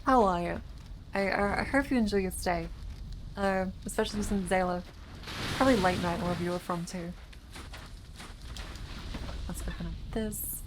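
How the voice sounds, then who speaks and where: A woman's voice: lowish voice, normal speed, long pauses, noisy background. A woman streaming a video game live, chatting and reacting as she plays, often stammering and repeating words, her voice slightly strained. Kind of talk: casual live gameplay commentary.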